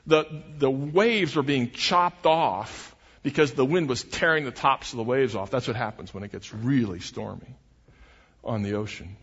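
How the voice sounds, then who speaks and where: A man's voice: mid-range voice, normal speed, a bit bright, slightly rough. A man preaching a sermon as pastor, earnest and emphatic, often restarting his phrases. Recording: dull recording with long hall reverb.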